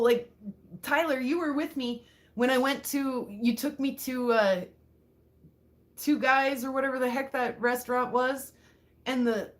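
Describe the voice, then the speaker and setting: A rockhound channel host from Montana chats casually with her viewers in a high-pitched, fairly bright voice. She laughs a lot and leans heavily on "like" and "seriously."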